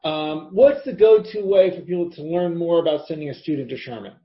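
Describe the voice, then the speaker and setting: A man's voice: on the high side, brisk. A male host interviewing a guest, upbeat and appreciative. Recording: echoey, muffled, faint hiss.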